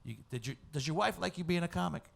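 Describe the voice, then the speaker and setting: A man hosting a live podcast interview on a comedy stage, asking questions and then shouting introductions to the crowd. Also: on the high side, quick pace, gravelly. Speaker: podcast host.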